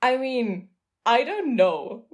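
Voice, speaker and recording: A woman's voice: on the high side, takes it slowly. A woman from Austria, a German speaker, telling a casual anecdote in English in a chatty, laughing way. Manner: chatty, laughing, animated storytelling.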